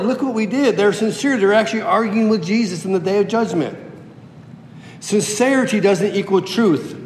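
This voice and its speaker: Pastor, male, teaching sermon, explains the Greek, slightly raised pitch, roomy echo in a church. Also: darkish tone, slight background noise. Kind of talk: expository sermon. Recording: echoey hall with long reverb.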